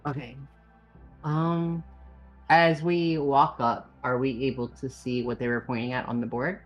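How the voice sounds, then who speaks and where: Player, careful, questioning, casual, mid pitch, faint music behind. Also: steady tone, measured pace, dull audio. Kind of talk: casual tabletop game play.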